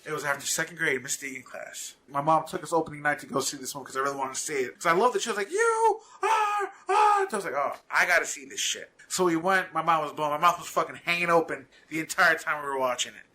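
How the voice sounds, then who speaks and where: A man's voice: a little high, fast, few pauses, sharp tone. A man in his thirties co-hosting a casual podcast, telling a story in a playful, theatrical way. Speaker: podcast co-host.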